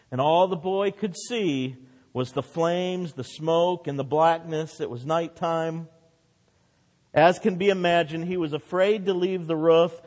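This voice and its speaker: Man preaching a sermon in a reverberant hall. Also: high-pitched. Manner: impassioned, voice rising and dropping for emphasis.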